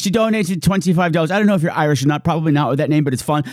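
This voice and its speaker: A man's voice: on the high side, racing, a little mellow, no echo, studio quality. A man hosting his podcast, reading out thank-yous in a playful, giddy way with hammy announcer flourishes. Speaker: podcast host. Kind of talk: casual thank-you shout-outs.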